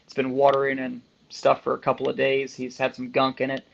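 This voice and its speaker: A man's voice: medium pitch, completely flat delivery, brisk, vocal fry. A man, a chiropractor, giving a conversational motivational talk to fellow practitioners and often tagging his points with "right?". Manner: conversational, with frequent rhetorical "right?" tags. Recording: slightly muffled lo-fi audio.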